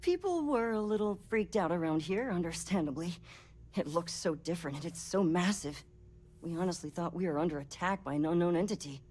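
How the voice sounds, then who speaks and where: An actress playing a polite, officious resort receptionist in video game dialogue. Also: female voice, fairly low pitch, a little mellow. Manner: prim and gatekeeping.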